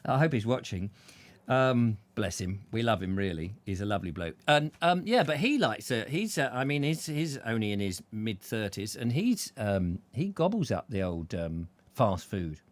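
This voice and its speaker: A man's voice: fairly low pitch, very animated, moderate pace. A man hosting a casual chat show, joking and rambling through anecdotes. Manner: chatty, jokey, rambling anecdotes with put-on voices. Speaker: host.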